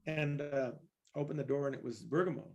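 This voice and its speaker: A man's voice: on the high side, fairly even intonation, fairly quick, darkish tone, muffled recording. Man from East Los Angeles telling stories. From East Los Angeles, California. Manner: rambling anecdotes with many fillers and restarts, laughing while telling stories. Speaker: guest musician, percussionist. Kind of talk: casual interview storytelling.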